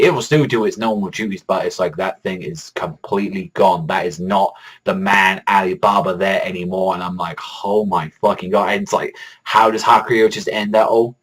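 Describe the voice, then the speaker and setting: A man's voice: lowish voice, breathy edge, poor audio. Hyped, swearing man reacting to manga. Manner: excitable, heavy swearing, rambling with many fillers. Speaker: manga reaction channel host. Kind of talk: casual reaction commentary.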